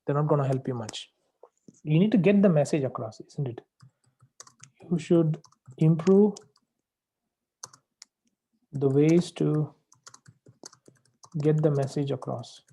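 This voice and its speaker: A man working as an English test tutor, going over a student's mistakes and repeating the key advice slowly for emphasis. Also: fairly high pitch, vocal fry, mellow, husky. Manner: corrective and repetitive, slows down to stress key phrases. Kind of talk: spoken feedback on a practice test.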